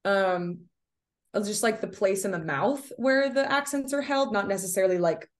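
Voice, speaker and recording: A woman's voice: mid-range voice, expressive, moderate pace. A young woman from the United States, an actress chatting casually as an interview guest, with lots of fillers. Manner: chatty, many fillers, laughs often.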